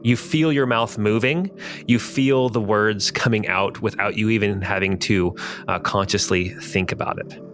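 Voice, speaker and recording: A man's voice: on the low side, fairly even intonation, normal speed, fairly bright tone, soft background music. Man narrating a tabletop game. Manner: fillers and restarts, descriptive narration. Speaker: game master and host.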